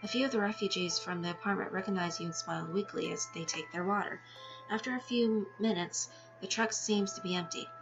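A woman's voice: mid-range voice, brisk. Woman reading a text game aloud. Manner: stumbles over words and laughs at herself. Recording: dull lo-fi sound with music behind.

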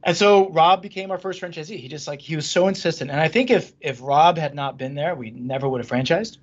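A man speaking as a franchise executive guest in a casual podcast interview, rambling and animated, with many restarts and fillers, from a home office at a standing desk over a video call. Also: fairly high pitch, fairly quick, muffled recording.

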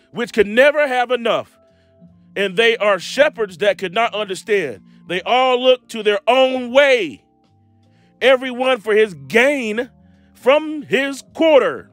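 High-pitched preacher man, dry close mic. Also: fairly bright tone, no room sound. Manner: preaching, reads scripture slowly and drawls key words; street slang, repeats himself, laughs at his own jabs. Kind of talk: impromptu scripture teaching.

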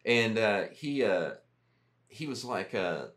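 A man's voice: fairly low pitch, expressive, takes it slowly, a bit bright. A man who is a guest on a podcast, telling an army story in a rambling, folksy way with lots of fillers.

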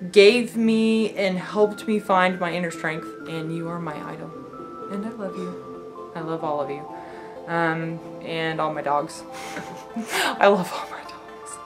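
A woman's voice: low-pitched, fairly bright tone. Effusive rambling woman vlogger. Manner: effusive, rambling, with frequent fillers and restarts. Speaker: vlogger answering viewer questions. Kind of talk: casual chat to camera.

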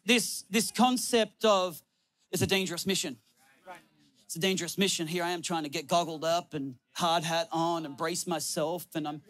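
A man preaching a sermon on a church stage, animated and laughing often, acting out little quotes from people. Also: high voice. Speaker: pastor.

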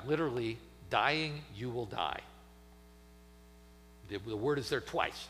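A man preaching a sermon in a church, dramatic, swinging from loud emphasis to near-whispers. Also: mid-range voice, animated, unhurried, long pauses, long reverb tail, a little hiss or hum. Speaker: pastor. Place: church sanctuary.

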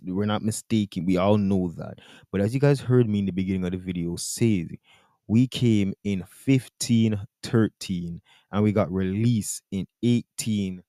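Low, mellow-voiced Jamaican man. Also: no room sound, clean studio sound. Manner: earnest, defensive, reasoning. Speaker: video commentator. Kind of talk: casual explaining to camera.

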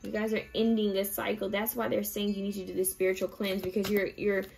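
A woman's voice: medium pitch, flat delivery, fairly quick, gravelly, a little mellow, faint music behind, poor audio. A woman giving a casual tarot card reading, speaking earnestly and chattily to her viewers as "you guys". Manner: earnest, spiritual advice-giving.

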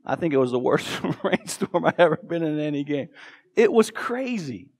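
An American pastor preaches a sermon in a man's voice that sits on the high side, sing-song and a little mellow, at a normal speed. He is earnest and emphatic, and he gives quoted lines dramatic voices.

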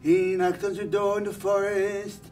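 A man doing an impression of a famous singing rabbi, telling a comic story in a slow, dreamy, sing-song voice with Yiddish words. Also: high voice, little pitch movement, a little mellow, far from the mic, faint music behind. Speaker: comedian. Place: live event.

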